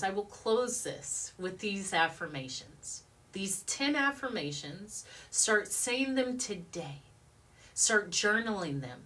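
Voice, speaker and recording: Lively, bright-voiced woman chanting affirmations. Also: medium pitch, recorded from a distance. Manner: emphatic, repeats affirmations in rhythmic chants. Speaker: motivational speaker. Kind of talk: motivational talk with spoken affirmations. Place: studio.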